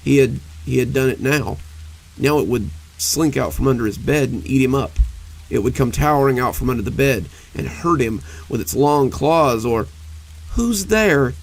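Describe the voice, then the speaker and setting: An older man narrating cozy horror stories in a slow, intimate way. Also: mid-range voice, creaky, rough recording. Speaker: horror storyteller.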